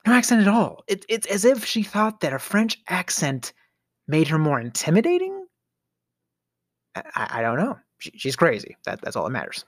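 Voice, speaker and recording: A man's voice: high voice, huge pitch swings, normal speed, dry recording, studio quality. A middle-aged man hosting a podcast, telling a storytelling rant in a theatrical way, with sighs, stammers and sudden whispers. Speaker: podcast host.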